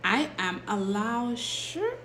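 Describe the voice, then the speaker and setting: A woman's voice: fairly high pitch, very animated, fairly bright tone, echoey room, slight background noise. A woman hosting a casual livestream, chatty and laughing often as she reads out viewers' names and greets them. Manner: talks slowly. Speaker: livestream host, teacher. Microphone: phone or laptop livestream.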